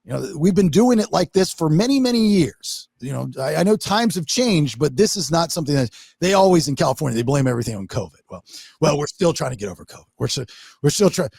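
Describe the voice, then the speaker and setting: A man hosting a podcast, telling stories in a lively way and acting out what people said, with some swearing. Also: a little high, fast talker, creaky, husky, no echo, studio quality. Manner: animated storytelling, swearing, acts out quotes. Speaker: podcast host. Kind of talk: casual podcast chat.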